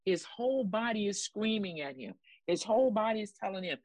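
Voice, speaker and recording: Speaking fairly quickly with hardly any pauses, a woman with a fairly low pitch and lively intonation is heard in a recording free of room sound. She co-hosts a ministry broadcast, preaching emphatically and repetitively and rousing her audience with exclamatory praise.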